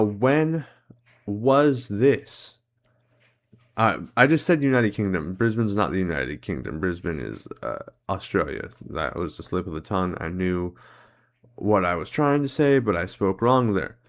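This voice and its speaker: Low-pitched guy mulling over guesses out loud, slow and hesitant, lots of ums. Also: expressive. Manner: thinking aloud, hesitant, many "um"s and self-corrections. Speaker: host playing geography and history guessing games. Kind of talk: casual commentary while playing.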